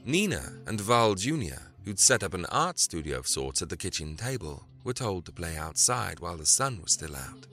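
Deep gravelly male storyteller. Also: normal speed, hardly any pauses. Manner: expressive, dramatic reading. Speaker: narrator. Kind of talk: storybook narration. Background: faint music.

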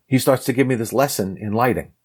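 A man telling a lively anecdote from his acting career as a guest, acting out the people he quotes. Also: medium pitch, quick pace, breathy edge. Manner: animated storyteller acting out quoted lines. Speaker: actor telling a story as guest. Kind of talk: casual anecdote.

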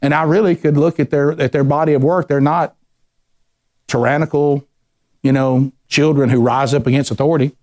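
A middle-aged man preaches, his voice sitting a little higher than most men's. He tells family stories in a lively, animated way and slips into the voices of the people in them. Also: normal speed. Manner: animated storyteller, acts out voices, ranting bursts. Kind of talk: sermon with personal stories.

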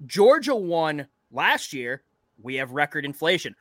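A man's voice: a little high, big pitch swings, a little slow, fairly bright tone. A man co-hosting a sports podcast in casual chat, joking and swearing freely. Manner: profane, joking banter. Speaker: podcast co-host.

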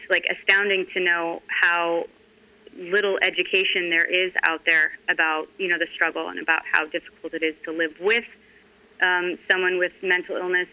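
A middle-aged woman talking candidly in an interview, earnest and halting with frequent restarts. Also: lowish voice, pushed and bright, low-quality recording. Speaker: guest.

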